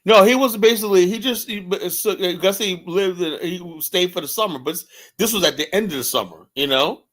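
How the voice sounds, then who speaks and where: A podcast host with a high, brisk, slightly bright voice chats casually and tells anecdotes. He keeps checking in with listeners, saying "right?" over and over as he spins his stories.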